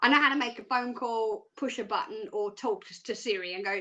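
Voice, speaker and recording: A high, bright Australian woman hosting a psychic phone-in show. She talks in a chatty, self-mocking way with easy giggles, moving between crystal readings and cheerful pitches to callers. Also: fairly quick, hardly any pauses, low-quality recording. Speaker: psychic phone-line presenter.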